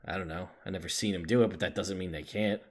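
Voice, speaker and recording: A man's voice: sits low, fairly even intonation, fast talker, voice pushed down. Man voices weary monster hunter NPC; rambling, hesitant delivery, trails off.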